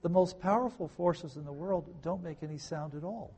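A man giving conversational Bible teaching, firing rhetorical questions at listeners with wry, sarcastic asides and swinging between soft and loud delivery. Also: on the high side, moderate pace, husky. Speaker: pastor.

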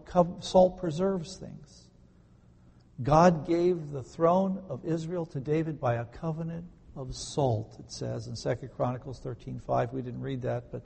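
A man preaching a sermon as a pastor, earnest, slowing down to stress key words. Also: on the high side, creaky, mellow, husky. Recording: long hall reverb.

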